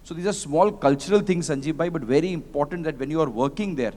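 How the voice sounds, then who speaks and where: Indian guy on a conference panel, talks really fast, tells stories and drops in hindi, long hall echo. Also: fairly high pitch. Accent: Indian English. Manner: animated storyteller who mixes in Hindi phrases. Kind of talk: conference panel talk with anecdotes. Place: large convention hall.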